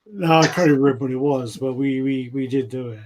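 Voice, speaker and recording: A man's voice: medium pitch, fast, darkish tone. A man co-hosting a casual chat show, swearing freely and trailing off with fillers. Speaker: co-host of a collectibles chat show.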